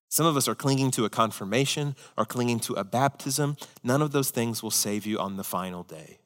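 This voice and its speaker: A man pastor preaching a sermon in an animated style, acting out quotes and adding humorous asides. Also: medium pitch. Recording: church hall reverb.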